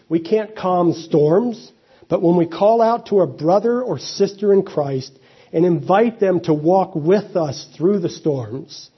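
A man's voice: a little high, husky, muffled recording. A man preaching a sermon, reading scripture and then explaining it in a conversational way, with asides and restarts. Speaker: pastor.

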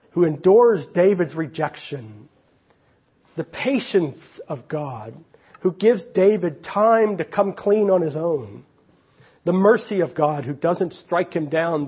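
Husky-voiced man preaching a sermon. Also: on the high side, highs cut off. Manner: dynamic preaching, swings from loud emphasis to near-whispered softness. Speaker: pastor.

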